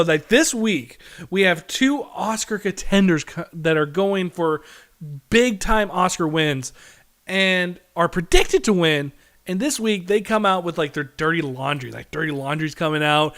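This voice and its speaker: A man's voice: high voice, fairly bright tone. A young man hosting a casual movie review vlog, talking bluntly and animatedly and swearing freely. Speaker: movie vlogger.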